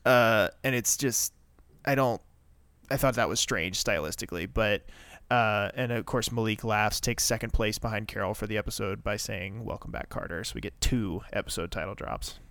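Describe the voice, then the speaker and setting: A man's voice: fairly low pitch, normal speed, a bit bright, clean tone, dry recording. A man co-hosting a podcast, casually recapping a TV episode in a rambling, chatty way. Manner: chatty, rambling with fillers and asides. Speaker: podcast co-host.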